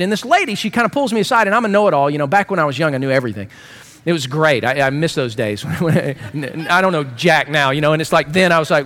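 A middle-aged man preaching a sermon as pastor, telling stories with animated, self-mocking humor. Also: fairly high pitch.

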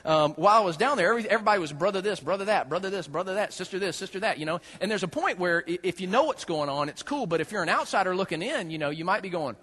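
A man preaching a sermon as a pastor, folksy and joking, with animated storytelling. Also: high voice, very fast, hardly any pauses, husky.

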